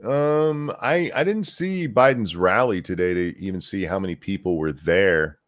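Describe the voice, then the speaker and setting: A man hosting a casual political chat, animated and sarcastic. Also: low voice, normal speed. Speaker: host.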